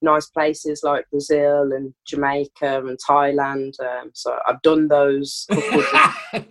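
A woman's voice: sits low, steady tone, fairly bright tone. Birmingham woman in her thirties, chatting. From England, Birmingham. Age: 30s. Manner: reflective, measured storytelling. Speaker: podcast guest. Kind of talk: casual chat.

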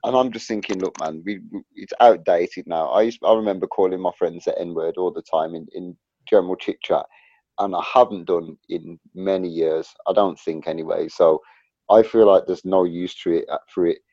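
A man's voice: deep voice, steady tone, normal speed, dark tone, no room sound. A man hosting a casual discussion, thinking aloud in a rambling way. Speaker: podcast host. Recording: dull lo-fi audio.

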